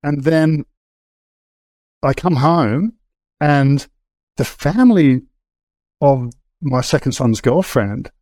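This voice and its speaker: Taking it slowly with long pauses, a middle-aged man speaks in a slightly high, somewhat mellow voice. He's an interview guest sharing his story openly and casually, stumbling and restarting often, with no echo.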